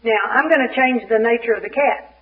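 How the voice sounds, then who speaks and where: A woman from Little Rock, Arkansas, spins a funny personal story for a recovery meeting. She acts out each scene with lively, comic timing. The sound is a dull, muffled archive tape. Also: a little high, a little fast. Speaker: speaker at a recovery fellowship meeting. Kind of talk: humorous personal storytelling share.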